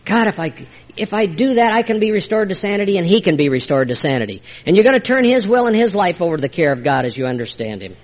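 An older man gives a heartfelt personal testimony at a recovery meeting. His voice sits a little high for a man, and he moves between quiet, hushed passages and emphatic bursts. The recording is muffled and lo-fi. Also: sing-song, quick pace. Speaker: speaker sharing his recovery story.

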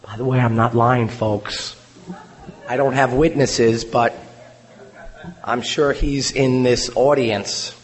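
A hoarse man, his voice worn out, giving an earnest recovery testimony at a convention, often trailing off quietly. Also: medium pitch, fairly even intonation, slow pace, long pauses. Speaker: convention speaker. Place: large convention hall. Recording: reverberant hall, faint hum.

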